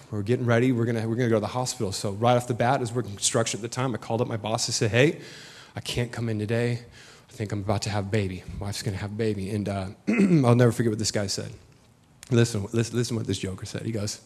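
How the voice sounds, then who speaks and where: A man's voice: mid-range voice, a little mellow. A man in his thirties preaching a sermon, telling a personal story in a casual way with joking asides. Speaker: pastor.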